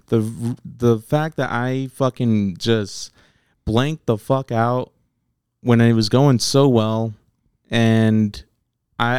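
A man telling his stories with lots of swearing and energy, his voice smooth and clear. The sound is dry and close, with no room around it. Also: medium pitch, no room sound. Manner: profane, animated storytelling. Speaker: battle rapper guest. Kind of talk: casual podcast interview.

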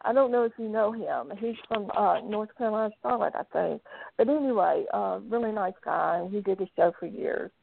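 A woman who works as a psychic medium is a guest on a talk show, chatting in a casual phone interview over a tinny, dry line with no echo. Her medium-pitched voice is fairly quick and creaky, and she tells stories chattily, quoting spirits and clients.

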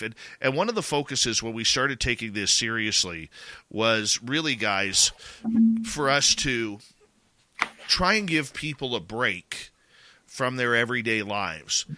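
A man's voice: medium pitch, pushed and bright, no echo. A man with a Canadian accent hosting a radio talk show, chatting casually in a rambling way with many restarts. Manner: rambling, full of restarts and "you know".

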